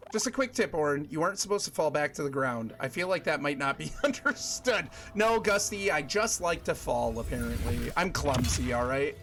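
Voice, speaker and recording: A man streams a video game live, chatting with viewers in a loose, joking way and poking fun at his own clumsiness. His voice sits a little high for a man. Faint music plays underneath. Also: animated, normal speed, fairly bright tone. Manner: jokey, self-deprecating, chatty with chat. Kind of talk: casual live gameplay chat.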